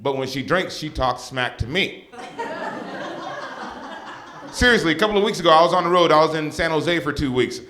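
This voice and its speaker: A man doing a stand-up routine on a comedy club stage, telling stories with animated delivery. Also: fairly high pitch, normal speed, long pauses. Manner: animated storytelling. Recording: live club with laughing crowd.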